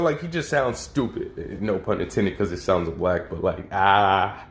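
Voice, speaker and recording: A man's voice: sits low, expressive, unhurried, few pauses. A man casually retelling a fan story, rambling with lots of fillers and crude slang. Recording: roomy echo.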